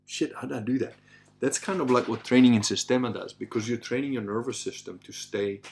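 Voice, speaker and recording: A man hosting a podcast, telling stories in a loose, animated way, swearing casually and acting out what others said. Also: on the low side. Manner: animated, swears casually, acts out quoted voices. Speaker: podcast host. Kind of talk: casual anecdotal storytelling.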